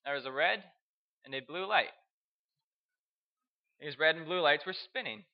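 A young man from Canada, telling a personal story in a halting way, repeating words and chuckling. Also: a little high, highs cut off. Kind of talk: storytelling speech.

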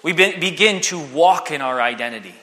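A man preaching a sermon, animated and acting out the voices he quotes. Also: a little high, a little fast. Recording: long hall reverb.

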